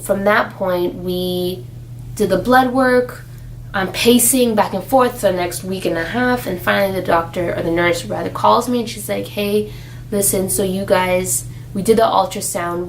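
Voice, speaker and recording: A young woman vlogging about her pregnancy in a chatty, animated way, acting out the people she quotes. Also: mid-range voice, moderate pace, a little hiss or hum, rough recording. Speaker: expectant mother vlogger. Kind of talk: casual chat.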